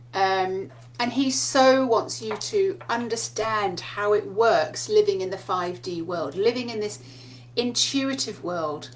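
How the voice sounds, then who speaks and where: A woman's voice: medium pitch, a little hiss or hum. A woman giving a casual spiritual talk, telling stories in a chatty way and laughing often. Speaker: spiritual teacher.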